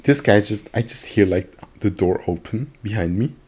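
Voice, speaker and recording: Low-voiced man telling stories casually. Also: moderate pace, a little mellow, husky. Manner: laughing, storytelling with many fillers. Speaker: podcast co-host. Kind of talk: casual chat.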